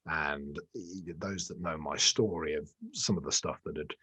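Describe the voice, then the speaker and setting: A man's voice: extremely low pitch, normal speed, fairly bright tone, slightly rough, dry recording. A middle-aged man, an executive coach being interviewed over a remote call, talking in a jokey, self-deprecating, rambling way. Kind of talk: conversational interview.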